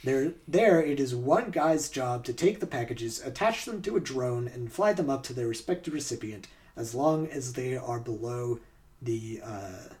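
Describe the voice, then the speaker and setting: A man at a middle pitch reads trivia aloud for a quiz on a podcast. His reading is steady and measured, and he slips into easy, casual chat between the questions. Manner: reads facts aloud, then chats casually. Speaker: podcast host.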